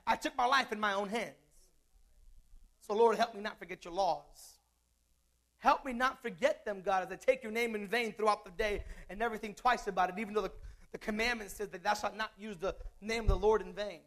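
A man's voice: sits high, a little fast, a bit bright. A man preaching a sermon in a conversational way, mixing scripture with jokes and asides.

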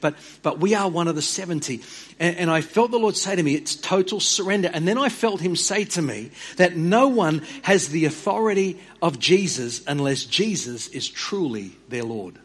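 A pastor preaches a sermon in a husky voice at a slightly fast pace. He's earnest, often stammers on his opening words, repeats phrases for emphasis, and drops low and quiet on key words.

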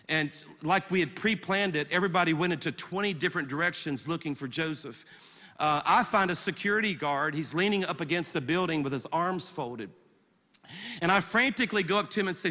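Bright-voiced man preaching, emphatic storyteller. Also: a little high, in a large hall. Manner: animated, emphatic storytelling with rapid repetitions. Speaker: guest pastor. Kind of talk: storytelling sermon.

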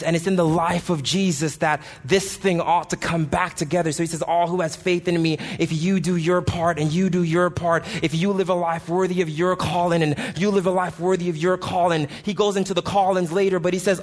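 A man preaching a sermon with passion, pleading loudly at times and then dropping his voice low. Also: steady tone, a little fast, few pauses, soft background music. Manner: impassioned, rising to pleading shouts and dropping low.

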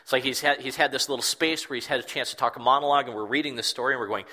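A man's voice: mid-range voice, rapid-fire, bright, forceful tone. A man preaching a sermon in an earnest, reflective way, repeating words for emphasis. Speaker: pastor.

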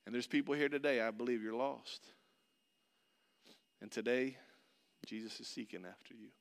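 A middle-aged man preaching a sermon, telling a personal story and swinging between loud excitement and hushed, soft passages. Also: mid-range voice, moderate pace, vocal fry. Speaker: pastor. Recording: long hall reverb.

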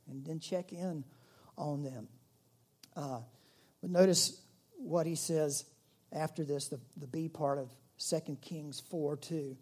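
A male pastor preaching a conversational sermon to his church, growing animated when he stresses a point. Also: a little high, slow pace. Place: church in Myrtle Beach.

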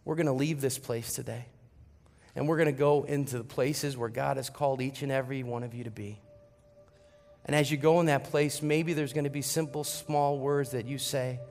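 Animated pastor preaching in an echoey church. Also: male voice, mid-range voice, moderate pace, faint music behind. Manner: storytelling with animated quoted voices. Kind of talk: sermon. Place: church sanctuary. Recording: long reverb of a church hall.

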